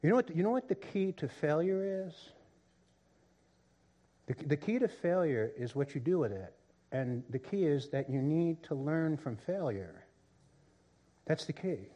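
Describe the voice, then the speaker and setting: A male pastor preaches at a measured pace, pausing often, moving between loud excitement and quiet low emphasis and repeating words to build his point. The high frequencies in the recording are cut off.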